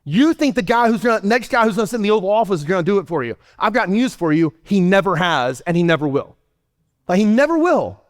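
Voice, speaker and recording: A man preaching a sermon as pastor, animated and storytelling. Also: sits high. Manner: animated, storytelling preacher who acts out scenes. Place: church sanctuary. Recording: long hall reverb in a church.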